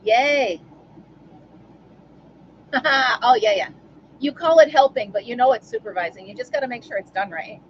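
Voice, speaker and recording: A woman's voice: on the high side, animated, moderate pace, pauses often, dull audio, slight background noise. A woman hosting a casual live stream from home, chatting and answering viewers by name. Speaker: livestream host.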